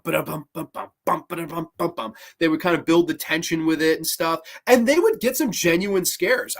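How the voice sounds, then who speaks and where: This is a man hosting a casual live stream about horror and cartoons. His voice sits somewhat high and leaps around with big, lively pitch swings. He rambles freely and drops plenty of curses along the way. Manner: animated, rambling, swears a lot.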